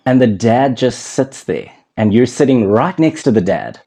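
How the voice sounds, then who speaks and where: A man's voice: medium pitch, dark tone. A man who works as an anger management counsellor, talking straight to the viewer and asking them questions while he tells a story. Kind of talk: direct-to-camera teaching talk.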